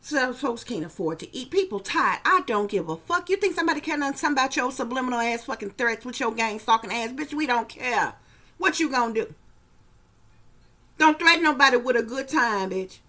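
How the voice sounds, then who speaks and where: Fairly high-pitched, expressive, and quick, this psychic reader speaks with a bright, forceful tone. She rambles through a reading for viewers, blunt and swearing, and keeps saying "you know what I'm saying."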